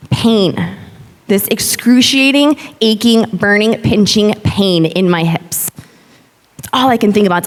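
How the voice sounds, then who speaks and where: A woman in her thirties, a yoga instructor, candidly and expressively telling her personal story to a live audience. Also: fairly low pitch. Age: 30s. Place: large hall. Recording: long hall reverb.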